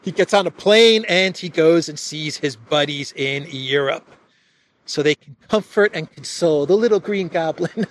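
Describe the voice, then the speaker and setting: A man's voice: on the high side, moderate pace. A man giving solo political commentary in a sarcastic, mocking tone, often chuckling between points.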